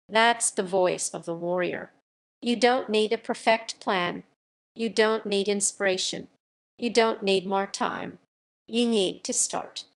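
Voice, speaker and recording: A woman reading a motivational self-help audiobook in a firm, emphatic way, with short punchy sentences. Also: medium pitch. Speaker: audiobook narrator. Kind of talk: scripted motivational narration.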